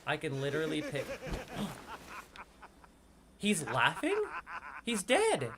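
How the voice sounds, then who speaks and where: Excitable man narrating his gameplay. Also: a little high, normal speed. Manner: excitable, swings from hushed sneaking to loud outbursts. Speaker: gaming streamer. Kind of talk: casual gameplay commentary.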